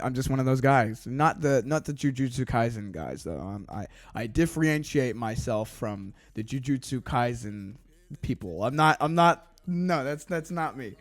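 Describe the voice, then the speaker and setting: A man's voice: mid-range voice, dry recording. Rambling young man with a put-on American accent. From Britain. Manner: rambling, stammering, swearing, deadpan self-mockery. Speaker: YouTuber. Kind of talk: casual rant to camera. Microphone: desk studio microphone.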